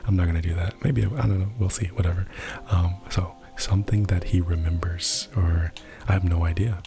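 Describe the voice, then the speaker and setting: A man doing whispered role-play as an ASMR creator, soft-spoken, rambling and self-deprecating. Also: low voice, fairly even intonation, normal speed, few pauses, faint music behind.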